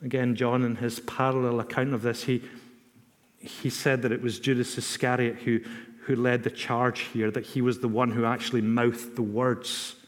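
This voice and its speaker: A man preaching a sermon in a measured, emphatic way, repeating phrases for stress. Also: mid-range voice, little pitch movement. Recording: long reverb of a hall.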